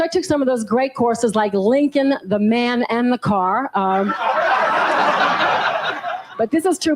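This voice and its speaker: A woman's voice: high-pitched, a little mellow. A young woman from New Orleans doing a playful, self-mocking stand-up routine. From New Orleans, USA. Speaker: stand-up comedian.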